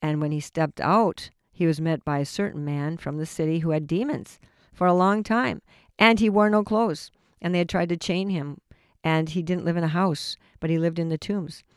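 An earnest man teaches from scripture in a relaxed, talky sermon, circling back and restarting phrases as he goes. His voice is clear and smooth, pitched a little high, with a close, dry sound. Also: moderate pace, no echo. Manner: earnest, conversational, frequent restarts. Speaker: preacher. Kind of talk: informal Bible teaching sermon.

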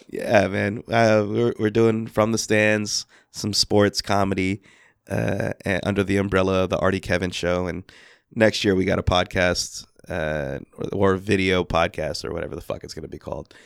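A man's voice: low voice, little pitch movement, moderate pace, vocal fry, clean tone, no echo, clean studio sound. A man guesting on a podcast in casual banter, joking and profane. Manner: joking, profane, plugs his show.

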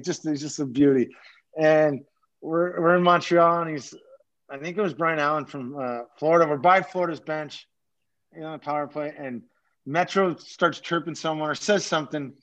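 A man's voice: a little high, steady tone, moderate pace, a bit bright. A man who is a former pro hockey player, telling stories as a podcast guest in a rambling, profane way full of restarts. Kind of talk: casual storytelling. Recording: dull lo-fi sound.

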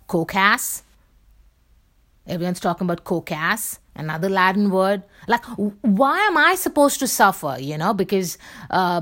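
Woman vlogger, mid-pitched, loose and playful, rambles with lots of restarts. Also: fairly bright tone. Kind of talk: casual rambling monologue.

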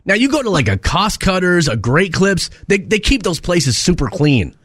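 A man co-hosting a casual morning radio show. He complains in an animated, exasperated way. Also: high voice, moderate pace, dry recording, clean studio sound.

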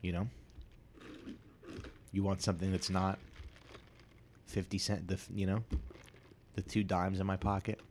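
A man's voice: sits low, level tone, unhurried, long pauses, a little mellow, a little hiss or hum. A man in his thirties hosting a casual solo podcast, telling rambling, self-deprecating stories full of asides and restarts. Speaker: podcast host.

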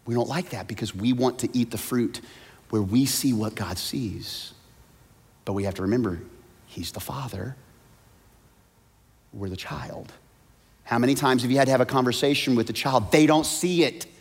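A man preaching a sermon as pastor, swinging between loud, urgent lines and soft, low ones. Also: moderate pace, pauses often, husky. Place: church sanctuary. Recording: long hall reverb.

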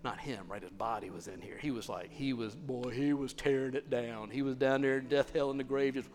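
A man playing a kindly, fatherly God in a church skit, chatting gently and reassuringly. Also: medium pitch, a little fast, pitched below the performer's own voice, natural voice. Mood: folksy coaxing. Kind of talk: acted sermon skit.

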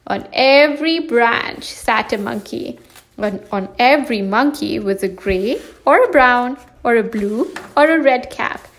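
A woman reads a classic picture book aloud for little ones. Her voice sits high and she moves at an unhurried pace. She leans into each repeated phrase with expressive care. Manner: slow, deliberate and expressive. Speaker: storyteller. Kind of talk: children's storybook read-aloud.

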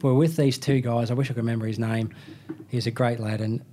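A man's voice: medium pitch, fairly even intonation, brisk, warm tone, a little hiss or hum. An Australian man in his thirties, a motorcycle racer telling a rambling story in casual chat, full of slang and restarts. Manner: rambling, self-correcting anecdote with slang.

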